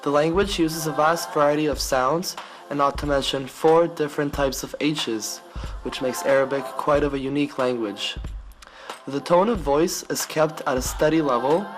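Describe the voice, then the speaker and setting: A man narrating an educational piece in a measured, explanatory reading style. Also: a little high, soft background music, poor audio.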